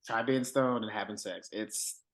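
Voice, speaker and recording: A man's voice: lowish voice, steady tone, normal speed, poor audio. A man co-hosting a podcast in casual chat, laid-back and slangy with emphatic asides. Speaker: podcast co-host. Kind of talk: casual chat about a TV show.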